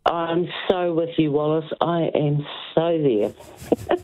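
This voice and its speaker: A woman's voice: sits low, takes it slowly, dark tone. A woman calling in to a radio talk show, chatty and emphatic. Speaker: caller. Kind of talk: radio call-in chat. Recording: tinny phone line.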